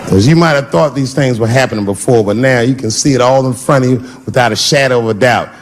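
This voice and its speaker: A man's voice: medium pitch, fast. A middle-aged man doing a stand-up comedy set in a large theater, brash and profane, stretching out his punchlines and slipping into playful voice shifts. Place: large theater with live audience. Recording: live crowd laughter, background noise. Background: audience laughter and room noise.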